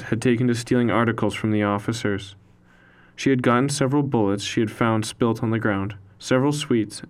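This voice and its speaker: A man narrating a story in the first person, in a slow, solemn, hushed way. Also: mid-range voice, smooth. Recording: faint music underneath.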